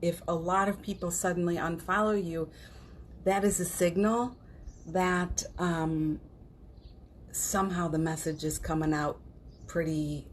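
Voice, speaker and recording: A woman hosting a livestream, leading a guided healing practice in a gentle voice that repeats phrases softly and often sinks to a near whisper, with casual encouraging asides. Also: lowish voice, fairly even intonation, a little slow, a little hiss or hum. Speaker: host of a morning livestream.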